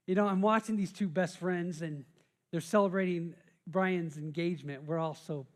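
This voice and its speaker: American male pastor, high voice, chatty sermon delivery, stumbles and restarts often. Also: moderate pace. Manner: conversational, with many restarts and repeated words.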